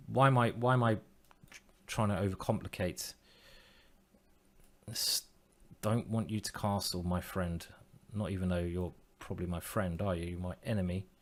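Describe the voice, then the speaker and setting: Playful low-voiced man thinking aloud. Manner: playful, self-mocking, talks to himself and his opponent. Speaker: chess streamer. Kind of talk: thinking aloud while playing online chess.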